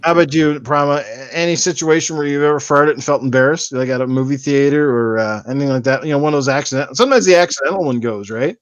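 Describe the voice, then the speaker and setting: A podcast host with a medium-pitched voice talks fast, barely pausing, as he tells crude stories full of swearing and laughter. The recording has no echo but the highs are cut off.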